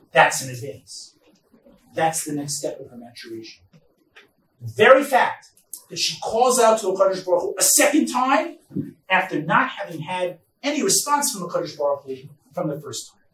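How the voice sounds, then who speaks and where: Rabbi teaching bible, emphatic, picked up from far off in a roomy hall. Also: male voice, high voice, big pitch swings, moderate pace. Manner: emphatic, swings between loud stresses and quiet asides. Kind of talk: Torah lecture. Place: lecture hall at a conference. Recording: echoey hall, distant mic, faint noise.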